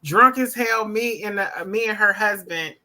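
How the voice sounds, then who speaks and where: A woman joining a casual podcast chat, her voice very bright and sharp. She tells a personal story in a relaxed, chatty way. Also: medium pitch, normal speed. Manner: relaxed, chatty anecdote-telling.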